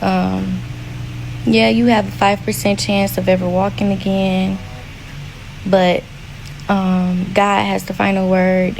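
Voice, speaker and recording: Young woman, low gravelly voice, flat and matter-of-fact, casual storytime. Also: a little hiss or hum, poor audio. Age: young adult. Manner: blunt, matter-of-fact retelling. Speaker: storyteller in a played clip.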